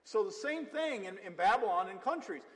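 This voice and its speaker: A man's voice: high-pitched, animated, a little fast. A male pastor preaching a conversational sermon, mixing scripture with personal stories. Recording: long hall reverb.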